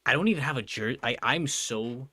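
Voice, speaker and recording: Reading out chat on his livestream, this young man from New Jersey rambles casually, leaning on fillers and addressing everyone as dude or bro. He speaks fairly quickly at a medium pitch, pushed and bright, with clean, dry studio sound.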